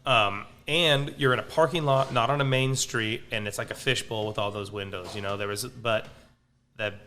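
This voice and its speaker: A man's voice: on the low side, steady tone, moderate pace, pushed and bright. A man who owns a pizza restaurant, talking casually as a podcast guest in a rambling way, full of restarts and fillers. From Palo Alto, California. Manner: rambling, frequent likes and restarts.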